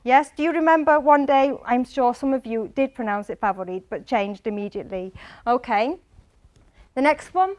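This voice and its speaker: High-voiced Mancunian woman teaching English. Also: moderate pace. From England, Manchester. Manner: animated, quizzes the audience by name. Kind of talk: lively classroom lecture. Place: lecture hall.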